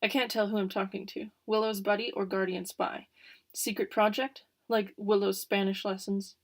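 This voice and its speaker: A woman's voice: medium pitch, little pitch movement, moderate pace. Woman reading a novel aloud, wry asides. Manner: casual, wry asides between passages. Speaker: reader of a children's novel.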